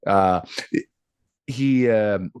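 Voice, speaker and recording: A man in his thirties co-hosts a casual podcast, telling stories with lots of laughter and acting out quotes as an animated storyteller. His voice is on the low side, clear and resonant. The recording is dry.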